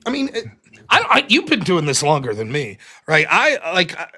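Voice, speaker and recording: A male live-stream host chatting casually, his voice high and bright with big swings in pitch. He slips into mocking imitations of others as he retells arguments, and says he is losing his voice. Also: huge pitch swings, normal speed, husky.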